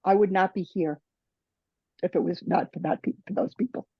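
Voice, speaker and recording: A woman presenter giving personal closing remarks at a conference, halting and restarting often and checking in with "right?". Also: on the low side, fairly even intonation, slightly rough, dry recording. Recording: dull dry lo-fi sound.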